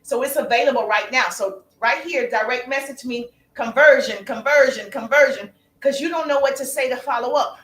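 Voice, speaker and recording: A woman business coach talking on a live stream, energetic and calling out her viewers by name. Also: high voice, brisk, hardly any pauses, roomy sound, low-quality recording.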